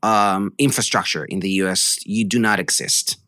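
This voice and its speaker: Man from israel, podcast host, lowish pitch, dry close sound. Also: fairly even intonation, pushed and bright, no echo. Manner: hesitant, many ums, asks questions slowly. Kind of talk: casual podcast conversation.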